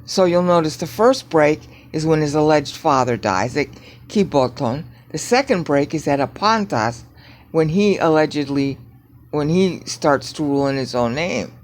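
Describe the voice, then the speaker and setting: Low-voiced woman lecturing, lively pitch swings. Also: moderate pace. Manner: digressive, frequent "okay?" checks, irritated asides at software. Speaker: Bible prophecy teacher. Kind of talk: recorded screen-share lecture.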